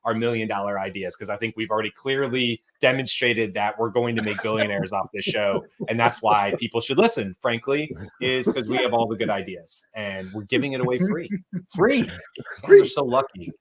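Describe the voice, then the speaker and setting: A man hosting a casual panel chat, lively and joking, talking in quick bursts. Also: fairly low pitch, crowd noise. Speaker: show host.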